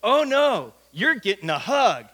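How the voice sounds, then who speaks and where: A man's voice: sits high, expressive, moderate pace, sharp tone. A man playing a young woman student who insists sweetly but firmly. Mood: insistent.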